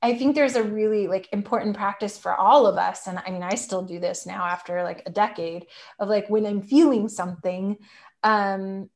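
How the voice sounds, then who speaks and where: A woman speaks as a podcast guest in casual conversation, sounding reflective and gentle with a steady, mid-range voice at normal speed. She uses many fillers such as "like" and "right?".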